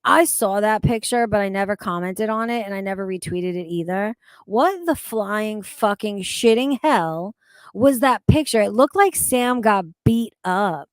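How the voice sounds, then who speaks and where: A woman's voice: medium pitch, expressive, a little slow, clean tone, no echo, studio quality. A woman streaming live, reading chat comments aloud and reacting in a blunt, profane, exasperated way.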